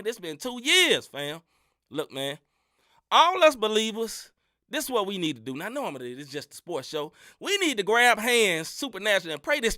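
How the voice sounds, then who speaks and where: A man co-hosting a sports podcast goes on animated, laughing rants full of casual slang while fighting a bit of a sinus infection. His voice sits high, captured in studio quality without echo.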